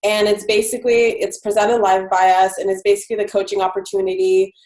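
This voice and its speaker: A woman's voice: medium pitch, level tone, fast, a little mellow. A woman leads a team video call, chatting her way through announcements with easy fillers and restarts. Her voice carries a roomy echo from the space she sits in. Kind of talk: casual online team call.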